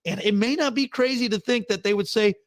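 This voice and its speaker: A man co-hosting a casual podcast, talking in an animated, ranting way with frequent laughs. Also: high-pitched, a little fast, dry recording. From Wisconsin. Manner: animated, ranting, mock voices, laughs often. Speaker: podcast co-host. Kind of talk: casual chat.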